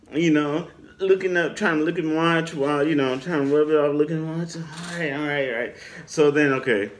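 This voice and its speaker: A man telling a casual storytime anecdote in an animated way, often laughing as he talks. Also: a little high. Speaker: storyteller vlogger.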